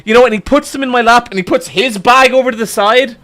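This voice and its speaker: A man streaming live and telling a long, exasperated anecdote to his chat, swearing freely and getting loud at the punchlines. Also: very high-pitched, fast. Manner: profane, exasperated, building to loud outbursts. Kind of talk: animated storytelling to a live chat.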